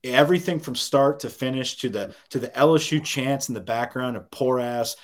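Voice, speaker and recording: Guy ranting on a sports podcast, swears a lot, super amped. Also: medium pitch. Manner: excited, profane, rapid storytelling. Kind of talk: casual sports chat.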